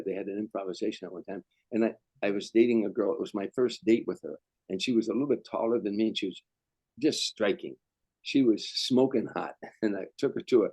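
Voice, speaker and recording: A man's voice: fairly low pitch, darkish tone, dry recording, poor audio. An older male comedian telling anecdotes as a guest, rambling and restarting sentences. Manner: rambling, repeats words, restarts. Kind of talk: anecdotal storytelling.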